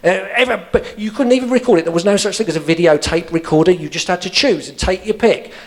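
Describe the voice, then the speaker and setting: A man's voice: sits high, quick pace, voice pushed up. A man imitating a moaning man in his seventies who complains about modern life. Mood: grumbling. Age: 70s. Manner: moaning and grumbling.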